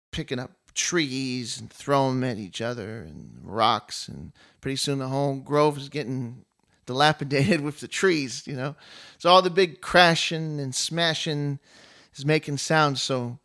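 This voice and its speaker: Chatty man casually retelling an epic. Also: mid-range voice. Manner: relaxed, chuckling, many fillers. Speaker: storyteller.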